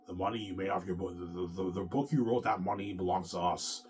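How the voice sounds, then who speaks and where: A man's voice: sits low, fairly even intonation, quick pace, darkish tone, slight background noise, lightly acted. A man mimicking smug male gatekeepers who taunt and threaten him. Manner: taunting, condescending.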